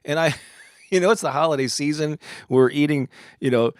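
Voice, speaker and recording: A man's voice: fairly high pitch, normal speed, dry recording, studio quality. A man hosting a live stream, reading corny cheese jokes and laughing at his own puns.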